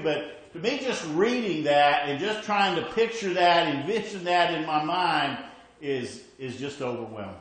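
A man preaching a sermon in a conversational way, often checking in with "okay?" and dropping quiet when he reads scripture aloud. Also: heavy reverb, low-quality recording. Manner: rises for emphasis, then drops low and quiet when reading scripture.

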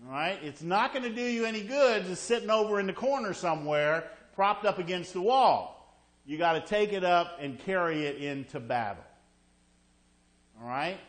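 High-voiced man preaching a sermon. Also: a bit bright. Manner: frequent checking "okay?" with listeners; emphatic, repeats key words. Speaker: pastor.

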